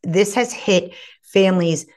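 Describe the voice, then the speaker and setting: Woman, podcast host, passionate, restarts words, slightly low voice. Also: a little slow, darkish tone. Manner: impassioned, repeats words when stirred. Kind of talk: interview podcast.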